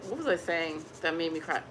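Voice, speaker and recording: A woman's voice: lowish voice, noisy background. A young woman vlogging at home, talking casually and animatedly to her viewers and laughing now and then. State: pregnant. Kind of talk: casual chat to camera.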